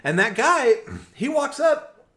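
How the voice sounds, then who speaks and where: This podcast co-host has a very high-pitched voice and speaks slowly, telling a story in a relaxed conversation recorded in person in a room. He gets animated, curses frequently, and performs the voices of those he quotes.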